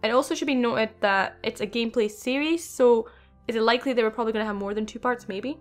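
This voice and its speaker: Excited young woman gaming vlogger. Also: fairly high pitch, fast talker, faint music behind. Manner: excited, rambling, with fillers. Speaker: gaming channel host. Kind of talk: casual video game commentary.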